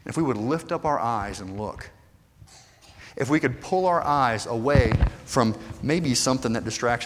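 A man preaching with earnest conviction, his voice mid-pitched and swinging from quiet, intimate stretches to fervent, building appeals. His words ring out with a long reverb, as if in a large hall. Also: slight background noise. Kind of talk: sermon.

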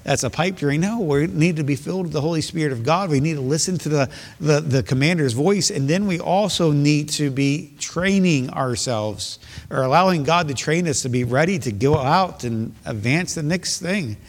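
Pastor type, male, fairly high voice, earnest emphatic sermon delivery, long reverb behind. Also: moderate pace. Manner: earnest, emphatic preaching with repeated phrases.

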